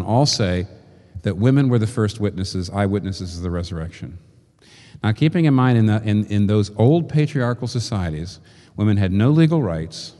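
A man preaching a sermon in an animated way, acting out quoted voices and repeating phrases for emphasis. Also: on the low side, big-room sound.

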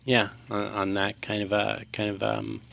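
A man's voice: lowish voice, monotone, moderate pace, creaky, a bit bright. A man on a casual movie podcast, rambling with many fillers while he gives his opinion. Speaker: podcast guest.

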